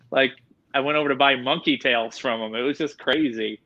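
A man, an animal expert, telling animated, slangy stories in a casual interview, full of "dude" and "like". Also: mid-range voice, normal speed, muffled recording. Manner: animated, excitable, slangy, says "dude" and "like" a lot. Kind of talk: casual storytelling in a podcast interview.

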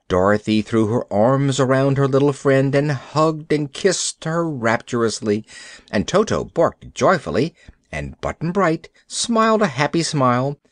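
A man narrating a classic storybook audiobook with expressive, animated storytelling. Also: medium pitch, dry recording, clean studio sound.

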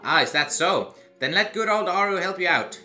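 A man's voice: high voice, animated, normal speed, pushed and bright, faint music behind, pitched above the performer's own voice, heavily acted. A man voicing a solemn old male sage in a game, reading his lines in a grave, stilted way.

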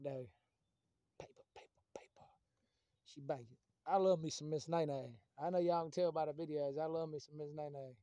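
A talkative man with a high but mellow voice, rambling to his followers. He swears freely and drifts from one thing to the next, recorded dry and close. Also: no room sound. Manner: rambling, profane and chatty. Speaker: vlogger. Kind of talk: casual rambling monologue to camera.

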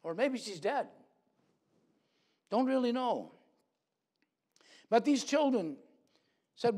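A man preaching a sermon in a church, animated, acting out quoted voices with big swings in loudness. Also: very high-pitched, takes it slowly, long pauses.

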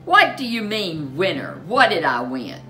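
A woman voicing a rude, pushy young girl who talks loudly and demandingly in a storybook reading. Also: fairly low pitch, big pitch swings, measured pace, recorded from a distance, faint music behind, full character voice.

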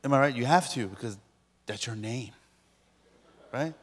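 A man's voice: medium pitch, normal speed, big-room sound. A man preaching a sermon as a pastor, joking playfully with his audience. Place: large lecture hall.

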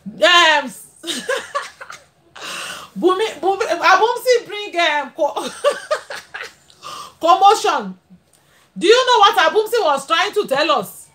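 Nigerian woman host, very high and animated voice, chatty and laughing, greets live-stream viewers. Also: slow pace, long pauses. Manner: chatty, laughs often, switches into pidgin. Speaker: livestream host. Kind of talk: casual live-stream chat.

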